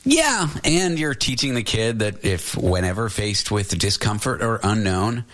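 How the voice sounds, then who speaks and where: Low-voiced chatty male host. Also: very animated, measured pace, fairly bright tone. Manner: chuckling, chatty, gives everyday examples. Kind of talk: casual chat.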